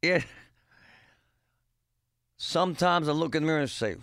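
A man's voice: fairly high pitch, normal speed, vocal fry, fairly bright tone, no room sound, clean studio sound. A middle-aged man hosting a radio show, rambling and joking in a casual monologue with punchy exclamations.

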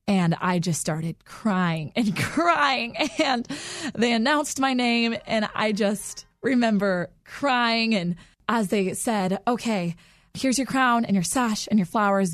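A young woman tells her story as an interview guest, earnest and heartfelt, with light laughs between sentences. Her pitch is in the middle range for a woman. The sound is dry and close to the mic. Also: no room sound. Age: young adult. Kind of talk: interview answers, personal story.

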